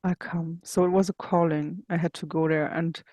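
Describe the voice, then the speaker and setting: A woman speaking as an interview guest, recounting her own experiences in a plain, earnest way. She searches for her words and pauses often as she goes. The recording is dry and close, with almost no room sound. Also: fairly low pitch, steady tone, mellow, no room sound. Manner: searching, personal storytelling with frequent pauses. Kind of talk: casual interview storytelling.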